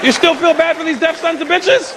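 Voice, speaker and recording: A man's voice: very high-pitched, fairly quick, very noisy. A man in his fifties from Canada doing a brash stand-up set, teasing the crowd and slipping into voices. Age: 50s. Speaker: stand-up comedian. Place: large live venue. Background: faint audience laughter.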